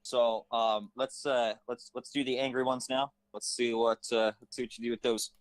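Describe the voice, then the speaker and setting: A man's voice: mid-range voice, level tone, normal speed, dry recording, rough recording. A man directing a voice actor, talking casually on his phone, rambling and hesitant with many fillers. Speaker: writer and director.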